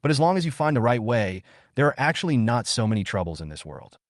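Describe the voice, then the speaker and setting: A man doing a calm, confident young man. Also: medium pitch, quick pace, no room sound, clean studio sound.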